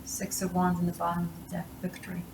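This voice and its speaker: Woman tarot reader with a lower voice, blunt and emphatic, recorded in an echoey room with clear background noise. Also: completely flat delivery, fast. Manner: blunt, emphatic advice-giving. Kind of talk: tarot reading monologue.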